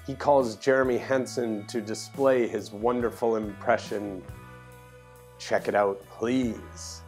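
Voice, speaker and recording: Brief: male narrator, slow unhurried intros, soft guitar bed. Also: fairly low pitch, fairly even intonation. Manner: slow, plain, slightly stumbling delivery. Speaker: show narrator. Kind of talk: introducing clips.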